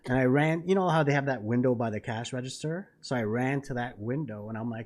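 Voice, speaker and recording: A man's voice: medium pitch, fast, hardly any pauses, darkish tone. Profane, rambling man telling a story. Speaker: podcast co-host. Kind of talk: casual chat, storytelling.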